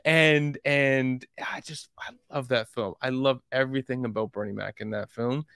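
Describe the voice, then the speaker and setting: A man co-hosting a casual movie podcast, talking in a rambling, animated way with many fillers and laughs. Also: mid-range voice, normal speed, creaky, clear, resonant tone, no room sound, studio quality. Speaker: podcast co-host.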